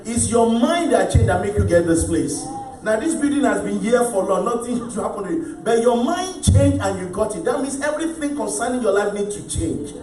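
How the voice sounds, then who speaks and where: A man preaching and leading fervent prayer in a church, at times shouting prayers in tongues. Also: high-pitched, animated, a little fast. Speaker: pastor. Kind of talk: charismatic sermon and prayer. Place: large church hall. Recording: echoey church hall from far off with music and crowd.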